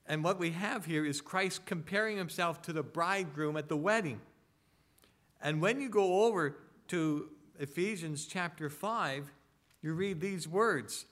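A man preaching a sermon in a conversational way, asking rhetorical tag questions and reading scripture slowly and deliberately. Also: on the high side, a bit bright. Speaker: pastor.

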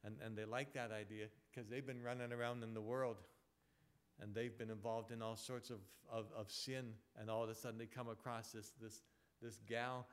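A male pastor preaching a sermon, emphatic, repeating words and dropping from loud points to quiet asides. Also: medium pitch.

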